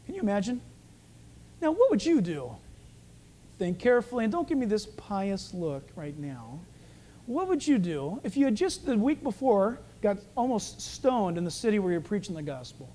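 A man preaching a sermon as pastor, telling stories and acting out the dialogue. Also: extremely high pitch. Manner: animated storytelling, acting out dialogue.

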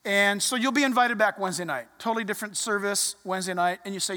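Animated pastor preaching in a reverberant church. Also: mid-range voice, a little fast. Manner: animated, conversational, acts out quotes. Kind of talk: sermon. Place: church sanctuary.

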